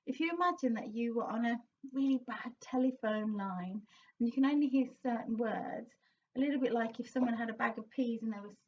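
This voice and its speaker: Woman vocal coach, high voice, upbeat teaching, a bit far off on a dull lo-fi mic. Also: a little fast. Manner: encouraging, breaks into sung demonstration lines. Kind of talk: singing lesson, explaining and demonstrating.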